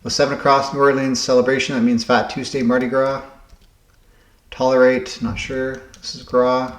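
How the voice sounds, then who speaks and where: A man thinking aloud as he solves word puzzles, halting and correcting himself as he goes. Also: medium pitch, flat delivery, reverberant. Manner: muttering, halting, self-correcting. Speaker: puzzle game vlogger.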